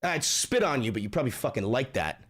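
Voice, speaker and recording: Loud profane male livestream ranter. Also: mid-range voice, very animated, fast talker, breathy edge. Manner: loud, profane, mocking and combative. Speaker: livestream host. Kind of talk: profane political livestream rant.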